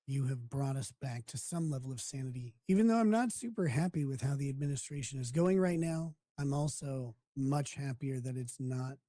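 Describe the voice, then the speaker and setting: A man's voice: medium pitch, expressive, normal speed, few pauses, dark tone, no echo. A man hosting a live stream, chatting casually with a crude, mocking manner and frequent laughter. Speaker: streamer host.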